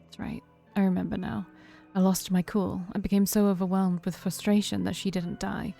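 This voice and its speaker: A woman streamer reading a game's first-person narration aloud, steady and calm, with brief asides of her own. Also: medium pitch, moderate pace, gravelly. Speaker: game streamer. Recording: faint music behind.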